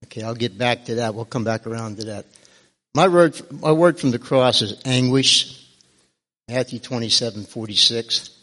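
A man's voice: mid-range voice, moderate pace, fairly bright tone, in a large hall. A man giving a devotional talk at a church service, hesitant and earnest, with many fillers.

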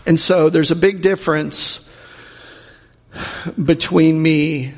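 A man preaching a sermon in earnest, repeating words and slowing down to stress them, recorded in a long-reverb church hall. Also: fairly high pitch, fairly even intonation. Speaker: pastor.

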